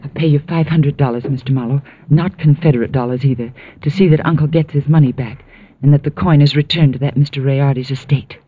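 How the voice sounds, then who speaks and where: An actress playing a spirited, earnest young niece in an old radio drama. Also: female voice, rumbling low, steady tone, brisk, a little hiss or hum. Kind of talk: 1940s radio acting. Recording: dull, dry old radio broadcast.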